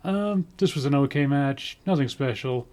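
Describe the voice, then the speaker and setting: A man's voice: medium pitch, moderate pace, darkish tone. A man giving a casual spoken review in a rambling way, full of ums, with dry sarcastic asides. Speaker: wrestling show reviewer.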